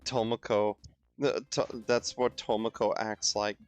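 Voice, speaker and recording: A man's voice: lowish voice, little pitch movement, measured pace, soft background music. A man reading a book aloud with friends for comedy, rambling and joking as he goes. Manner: rambling, joking, frequent restarts. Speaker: reader and co-host.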